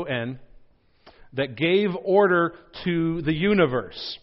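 A man in a church pulpit gives a teaching sermon in a slightly high voice. He spells words out and repeats points for those taking notes, slowing down and getting louder for emphasis. The recording sounds muffled and dull. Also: lively intonation. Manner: slows and rises in volume for emphasis. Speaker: pastor. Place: church sanctuary.

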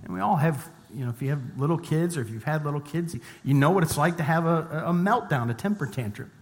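Middle-aged pastor preaching in a reverberant hall. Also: male voice, a little high, lively intonation, fast. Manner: conversational with humorous personal asides. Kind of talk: sermon. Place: church sanctuary. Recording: long reverb of a church hall.

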